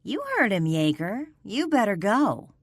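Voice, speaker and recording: A woman narrator voicing a fierce, sharp-tongued winged warrior woman, cutting and threatening, quick to anger. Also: mid-range voice, big pitch swings, slightly rough, no echo, studio quality, voice pushed up, heavily acted. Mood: smug.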